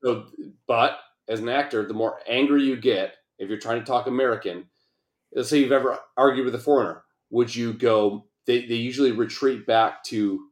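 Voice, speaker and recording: A man co-hosting a casual talk show, rambling and swearing often in loose banter. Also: medium pitch. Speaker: podcast co-host. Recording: roomy echo.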